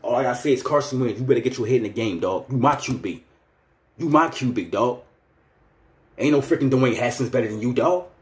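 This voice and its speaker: A Philadelphia vlogger in his thirties rants heatedly as a fan, loose and full of street slang, talking a little fast. His mid-pitched voice carries a clear Philly accent and echoes around the room.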